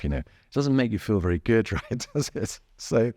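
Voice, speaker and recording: A man with a very low, deep voice talks through body mechanics in an easygoing, careful way. He chuckles often and stumbles over his restarts. The sound is dry and close. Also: sing-song, no echo. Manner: gentle, chuckling, halting with many restarts. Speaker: bodywork therapist. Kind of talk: casual explanatory chat.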